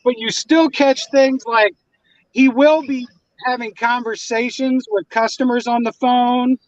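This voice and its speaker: High-voiced, stammering man, muffled. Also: steady tone, measured pace, dry recording. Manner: hesitant, stammering, placating. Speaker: panel guest. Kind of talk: casual livestream panel talk. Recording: dry, muffled line.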